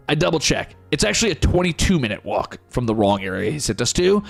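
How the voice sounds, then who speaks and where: Animated, gravelly-voiced male streamer. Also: fairly high pitch, fast talker, few pauses, soft background music. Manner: profane, animated storytelling. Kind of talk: casual storytelling to chat.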